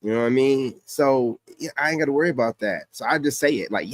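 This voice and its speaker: A man's voice: mid-range voice, expressive, fast talker, no echo. A brash man reacting to a clip and mocking it, talking in a medium voice and repeating himself as he goes. The sound is dry and close, with no room around him. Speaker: reaction streamer. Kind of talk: casual commentary over a podcast clip.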